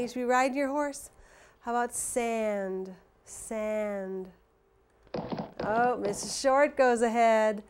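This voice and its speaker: A woman's voice: a little high, slow, background noise. A middle-aged woman teaching phonics to young children, showing objects one by one in a patient show-and-tell way. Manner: gets excited calling a pretend horse race. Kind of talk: video lesson for young children.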